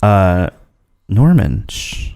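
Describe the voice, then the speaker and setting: A man's voice: deep voice, very animated, drawn-out words, vocal fry, warm tone, dry recording, studio quality. A man hosting a casual podcast, telling rambling stories and laughing often. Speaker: podcast host. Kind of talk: casual chat.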